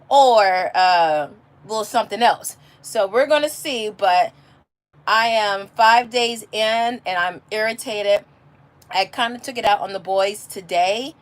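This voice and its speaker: A homeschooling mother chatting casually on a livestream, telling rambling stories full of restarts. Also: mid-range voice. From California. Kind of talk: casual live chat. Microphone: phone or webcam, answering a live chat.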